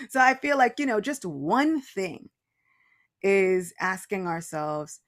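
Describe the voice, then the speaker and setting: Animated woman guest, chatty. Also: mid-range voice, takes it slowly. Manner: animated, laughs often, restarts phrases. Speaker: podcast guest. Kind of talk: casual spiritual chat.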